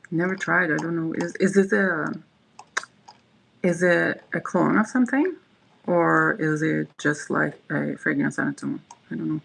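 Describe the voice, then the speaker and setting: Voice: medium pitch, gravelly, fairly bright tone, slightly rough, low-quality recording. A livestream host in casual chat, rambling and reading viewers' messages aloud. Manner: frequent fillers and restarts.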